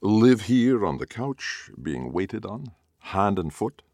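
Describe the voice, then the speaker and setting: A man's voice: fairly low pitch, very animated, slow pace, a little mellow, no echo, voice pushed up, full character voice. A man doing a wry, teasing young boyfriend.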